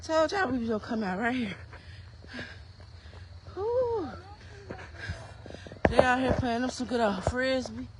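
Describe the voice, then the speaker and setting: Walking an outdoor park trail with a handheld phone, a mother vlogs casually, a little out of breath as she chats with and teases her kids. Her voice sits a little high, with lively intonation and an unhurried pace broken by long pauses, over a noisy background.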